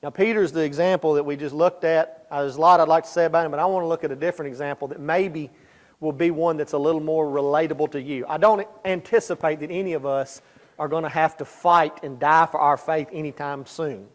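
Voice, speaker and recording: A man preaching a sermon in a church, telling stories with animated emphasis and sudden quiet asides. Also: a little high, fairly quick. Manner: animated storyteller, swinging between loud emphasis and quiet asides. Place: church sanctuary. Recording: echoey church hall.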